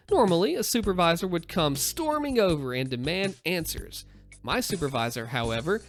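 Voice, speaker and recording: A man narrating internet stories with a wry, knowing delivery. His pitch swings widely from line to line, with faint music behind him. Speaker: story narrator. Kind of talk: reading internet stories aloud.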